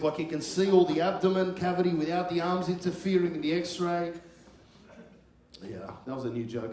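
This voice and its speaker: A man in his thirties doing crude, rambling stand-up comedy as the host, swearing freely. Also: fairly high pitch. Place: comedy club stage before a live crowd. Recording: echoey club with crowd noise.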